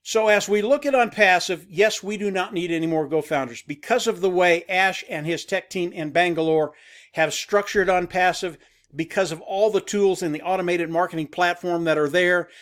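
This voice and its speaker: A middle-aged man with a fairly high voice talks up a business opportunity straight to his audience. He is eager and insistent, stumbling over words and restarting his phrases as he goes. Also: moderate pace, fairly bright tone. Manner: enthusiastic, repetitive, frequent restarts. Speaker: network marketing promoter. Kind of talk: direct-to-camera pitch talk.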